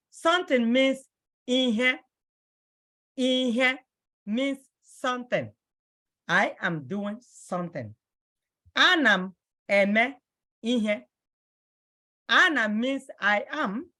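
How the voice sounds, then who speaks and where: Very slow, patient woman teaching Igbo. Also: medium pitch, fairly bright tone. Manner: patient, drills each word several times. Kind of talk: slow, repetitive vocabulary lesson.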